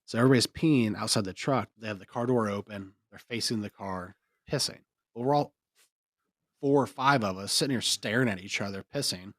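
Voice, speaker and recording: Rambling through a story on a podcast he co-hosts, a young man speaks fairly quickly in a lowish, fairly bright voice and breaks into laughter now and then. It's casual storytelling chat, recorded at studio quality with no room sound.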